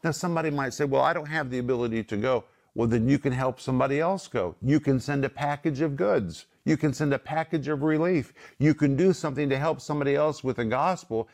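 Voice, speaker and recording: A middle-aged man gives Bible teaching in an emphatic, preacherly way. His pitch sits in a typical male middle range, and he drags out certain words for weight. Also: a little mellow. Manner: emphatic, slows down to stress key words. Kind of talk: Bible teaching with scripture quotes.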